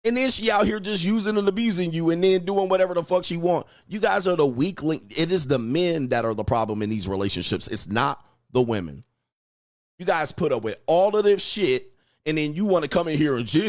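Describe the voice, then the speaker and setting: A man's voice: fairly high pitch, expressive, a little fast, no room sound, studio quality. A man giving blunt, crude relationship advice in a mocking, preachy rant, answering viewer comments. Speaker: dating advice host.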